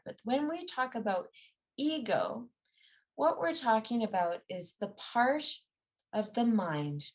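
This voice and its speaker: A woman's voice: on the low side, a little mellow. A middle-aged woman teaching a mental-training class, speaking in an earnest, conversational way with some fillers and self-corrections. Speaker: meditation and ski performance teacher. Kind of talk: guided class talk.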